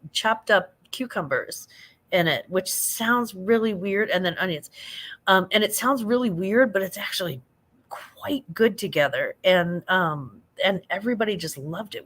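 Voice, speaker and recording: A woman's voice: medium pitch, fairly bright tone. Rambling, chatty middle-aged woman on a late-night livestream. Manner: rambling and chatty, laughs often, many fillers. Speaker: livestream host. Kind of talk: late-night livestream chat, reading viewer comments.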